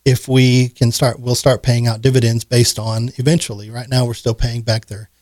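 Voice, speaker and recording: A man's voice: medium pitch, level tone, normal speed, a little mellow, no room sound, studio quality. A man talking earnestly on a podcast about running his business, reflective and repeating himself. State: choked up. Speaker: podcast guest, business owner. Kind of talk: casual conversation.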